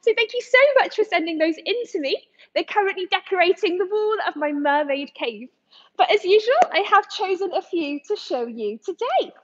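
A woman's voice: very high-pitched, animated, moderate pace, muffled recording. A woman from England, an aquarium educator, giving a live lesson to young children in a sing-song, encouraging way, speaking in front of a tank at the aquarium.

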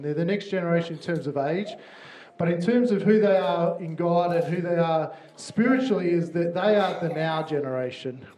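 A man's voice: a little high, darkish tone. Upbeat man preaching in echoey church. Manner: upbeat, checks in with frequent "yeah?". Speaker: children's minister. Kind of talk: church talk to parents and children. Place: church hall. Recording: roomy hall with faint noise.

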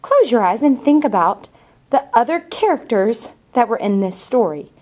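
A woman teacher reading a picture book aloud to young children and asking them questions in a clear, patient way. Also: on the high side, big pitch swings, moderate pace, a little mellow.

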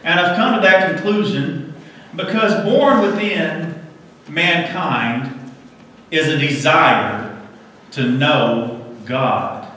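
A man's voice: on the high side, lively intonation, slow pace, bright, forceful tone, recorded from a distance, a little hiss or hum. Folksy male pastor in an echoey church. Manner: folksy and conversational, with humor. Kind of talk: sermon with storytelling. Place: church sanctuary. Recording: echoey church hall from afar.

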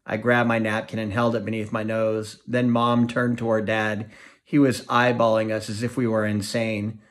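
Man reading a novel aloud, expressive. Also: lowish voice, normal speed. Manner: expressive storytelling, voices each character. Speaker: audiobook reader.

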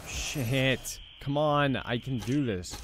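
A man's voice: mid-range voice, takes it slowly, background noise. A young man giving let's play commentary as he plays, frustrated, swearing and repeating himself. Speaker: gaming channel host.

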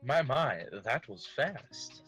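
A man voicing a polite, refined blind young woman with gentle, formal phrasing, reading game dialogue aloud. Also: mid-range voice, very animated, takes it slowly, breathy edge, faint music behind, full character voice.

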